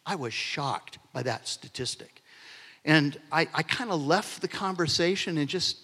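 A man's voice: fairly high pitch, expressive, a little slow, sharp tone. A man in his sixties preaching a sermon as pastor, earnest, swelling into emphasis and dropping to near-whispers. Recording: long hall reverb.

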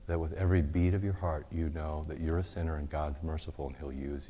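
A very deep-voiced man preaches a sermon, earnest and exhorting, with quick asides. He repeats a prayer slowly, his voice dropping away at the ends of lines. His voice rings with the long reverb of a large church hall. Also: dark tone, a little hiss or hum.

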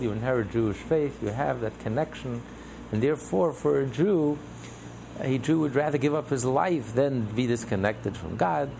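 A man's voice: mid-range voice, creaky, mellow, a little hiss or hum. A man teaching a religious text class, explaining a passage with repeated, list-like phrases. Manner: repetitive, builds through lists of phrases. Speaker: Torah teacher.

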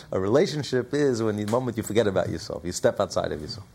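A man's voice: lowish voice, creaky, a little hiss or hum. A man teaching a Torah class to a live audience, asking questions and answering them himself with rising emphasis. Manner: animated, asks and answers his own questions.

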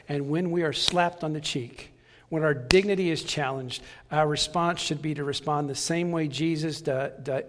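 Impassioned man preaching in a reverberant hall. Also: on the high side. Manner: impassioned, repeats phrases for emphasis. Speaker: pastor. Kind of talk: sermon.

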